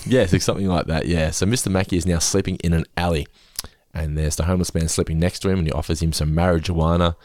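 A man hosting a podcast, giggling often and slipping into animated impressions as he recaps an episode. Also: low voice, fast, no echo, studio quality. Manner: giggly, jumps into animated impressions when quoting. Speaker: podcast host. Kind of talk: casual recap chat.

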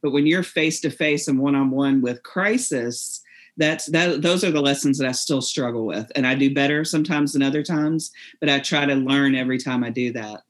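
A woman's voice: rumbling low, normal speed. A woman co-hosting a recovery podcast, reflective and storytelling, laughing often. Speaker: podcast co-host. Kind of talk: casual chat about recovery.

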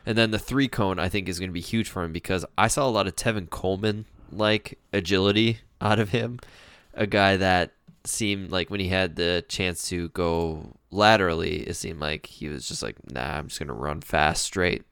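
A man's voice: low-pitched, steady tone, moderate pace, hardly any pauses, a bit bright, smooth, no echo, clean studio sound. A man co-hosting a podcast in casual, jokey chat, laughing often and rambling. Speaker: podcast co-host.

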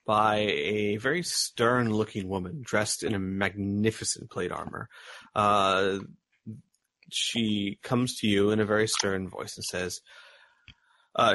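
A man's voice: lowish voice, sharp tone, no echo. A man running a tabletop game as game master, narrating with many ums and restarts.

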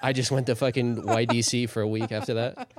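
Fast-talking, crude, joking man. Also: medium pitch, level tone. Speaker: podcast co-host. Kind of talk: casual chat.

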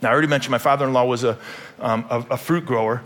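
A man's voice: mid-range voice, fairly even intonation, racing, fairly bright tone. A middle-aged man preaching a sermon as pastor, with joking, rambling asides and playful self-deprecation.

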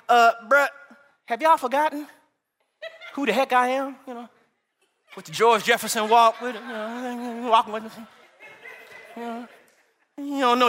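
A man preaching a sermon as associate pastor, animated and humorous, calling out to the congregation. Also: very high-pitched, long reverb tail.

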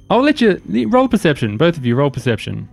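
Man, game master, steady descriptive narration, soft background music. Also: on the high side, gravelly.

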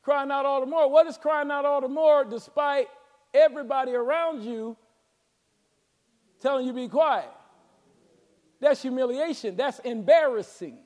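A man preaching a sermon as pastor, with a Southern American accent and call-and-response delivery that builds to shouts. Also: very high voice, a little slow, pauses often. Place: large church sanctuary. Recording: long hall reverb.

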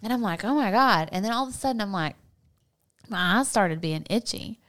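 A woman's voice: mid-range voice, brisk. A woman, co-hosting a casual chat and telling stories with lots of laughter and casual swearing. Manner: animated storyteller, laughs often, swears casually. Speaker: podcast co-host.

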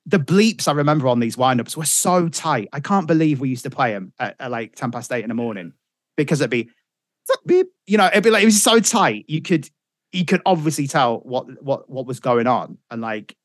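A man's voice: medium pitch, a little fast, no room sound, studio quality. A middle-aged man, a radio presenter telling stories in casual chat, swearing freely. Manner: animated storyteller, swears freely.

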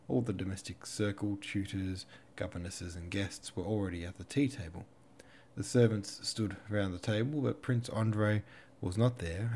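A man narrating a classic novel as an audiobook podcast host, in a measured, even reading. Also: low voice, a little hiss or hum.

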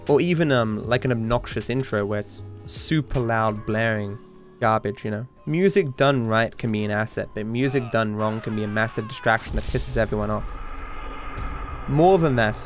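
Rambling man streamer. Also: medium pitch. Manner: rambling, sweary, frequent restarts. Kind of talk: casual rambling chat. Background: faint chill hop music.

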